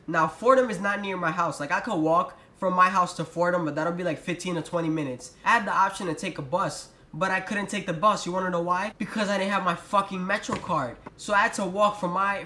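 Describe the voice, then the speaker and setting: A man's voice: high voice, bright, forceful tone. A young man telling a storytime vlog in a profane, exasperated rant. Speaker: vlogger. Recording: roomy echo.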